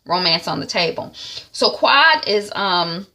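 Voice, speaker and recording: A woman talking through a TV episode recap in a chatty, rambling way, with animated asides. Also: medium pitch, measured pace. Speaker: reality TV recap vlogger. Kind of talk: casual recap chat.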